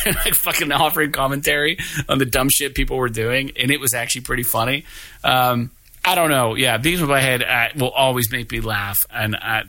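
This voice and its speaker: Podcast host, male: bright, forceful tone, dry close sound; easygoing, swears freely, laughs through his stories. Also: medium pitch, dry recording. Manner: loose, profane, laughing storyteller. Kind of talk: casual podcast chat.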